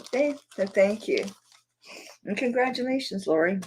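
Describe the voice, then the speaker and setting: A middle-aged woman with a Southern accent hosts a live jewelry auction, chatting with viewers in a casual, affectionate livestream. Her mid-range voice is animated and moves at a normal pace. The recording is rough, with slight background noise.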